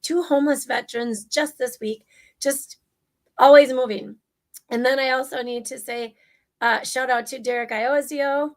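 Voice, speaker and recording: A woman opens an online talk show in a bright, chatty way, her voice sitting a bit high. She drops in plenty of "um"s and sounds upbeat and easygoing. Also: steady tone, moderate pace. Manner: upbeat, filler-heavy. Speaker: co-host. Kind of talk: casual show opening.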